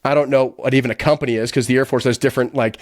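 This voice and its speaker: A man guest on a podcast, telling a story in a casual, animated, profane way, laughing often and rambling with lots of "like". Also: mid-range voice, dry recording, studio quality. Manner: quick, rambling, heavy use of filler "like".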